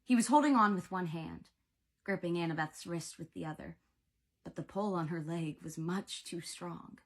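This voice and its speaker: An audiobook reader, a woman with a fairly low voice at normal speed, narrates a novel expressively, with dramatic, varied pacing.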